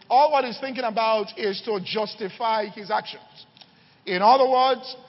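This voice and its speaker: High husky guy preaching, keeps saying all right, lots of hall reverb. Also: dull audio. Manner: storytelling, repeats "all right" and "okay" to check on listeners. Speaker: pastor. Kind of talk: sermon.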